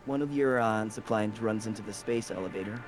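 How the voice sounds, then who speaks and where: A man's voice: lowish voice, brisk. Man teaming up in a game, dry teasing asides, casual chat, faint music behind. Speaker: co-player.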